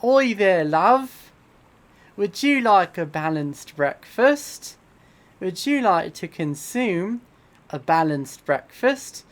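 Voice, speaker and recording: Streamer doing a mock British accent, cheeky cereal advert announcer, hammy sales pitch. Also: sing-song, slow pace.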